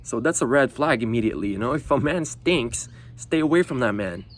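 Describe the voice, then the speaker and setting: A man's voice: medium pitch, lively intonation, fairly quick. A man talking bluntly to the camera in a casual monologue, swearing often and tagging lines with "you know". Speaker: vlogger.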